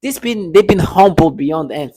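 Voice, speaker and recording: A man with a slightly high, gravelly voice rants in an agitated monologue, circling back to the same points and breaking into bitter laughs. He records in his apartment, and the sound is dry and close. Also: expressive, moderate pace, warm tone, no room sound. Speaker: vlogger. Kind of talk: angry monologue to camera.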